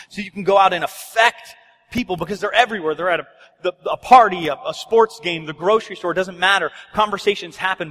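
Urgent high-voiced male preacher. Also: a bit bright, slightly rough, long reverb tail. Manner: urgent, conversational preaching with quoted dialogue. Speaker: pastor. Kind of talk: sermon. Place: church sanctuary.

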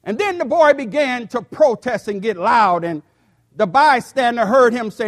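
An older man in his sixties preaching a sermon to a church, speaking slowly and deliberately and sometimes repeating words. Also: very high voice, animated. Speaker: pastor.

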